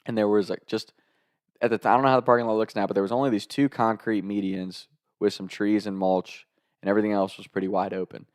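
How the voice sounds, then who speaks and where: A man's voice: on the low side, level tone, fast talker, no echo, studio quality. Laughing young man telling a story. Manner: laughs through his own story, swears freely. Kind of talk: casual comic anecdote.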